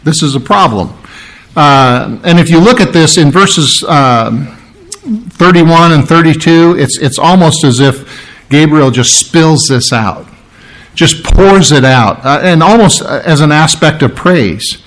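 A man preaching a sermon, explaining scripture earnestly and acting out the story with lively voices. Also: a little high, slow, low-quality recording.

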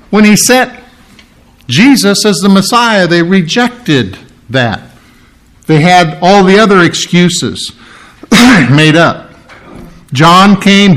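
A man preaching a sermon, emphatic and animated, acting out quoted lines and often clearing his throat. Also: high voice. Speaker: pastor.

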